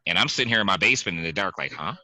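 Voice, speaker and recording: Lively man telling a story. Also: low voice, very fast, dry recording. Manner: animated, laughing, acts out quotes. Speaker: podcast host. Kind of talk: casual storytelling chat. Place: home basement.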